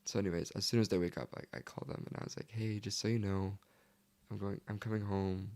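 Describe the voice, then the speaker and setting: Young guy with a low, gravelly voice, earnest, says "like" a lot in a casual interview. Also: steady tone, quick pace, a little mellow. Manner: earnest, leans heavily on "like". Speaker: podcast guest.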